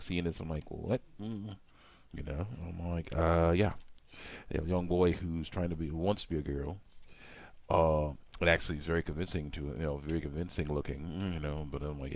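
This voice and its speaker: Gravelly low-voiced man rambling. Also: a little mellow, no echo. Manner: rambling, full of "mm" and "you know" fillers; acts out his own remarks in quotes. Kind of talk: casual rambling monologue while working with his hands.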